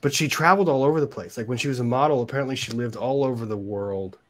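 A man's voice: mid-range voice, fast. A man guest on a casual livestream, asking pointed, skeptical questions.

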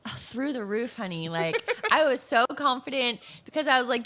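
A woman from Massachusetts tells stories as a guest in a relaxed interview. Her voice is bright and forward, at a middle pitch. She talks in an animated, chatty way and laughs often. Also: moderate pace. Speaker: guest, professional wrestler. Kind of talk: casual interview storytelling.

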